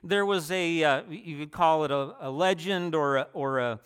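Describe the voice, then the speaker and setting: A man's voice: fairly high pitch, moderate pace, a bit bright, clear, resonant tone. A man preaching a sermon in a conversational way, restarting phrases and adding personal asides.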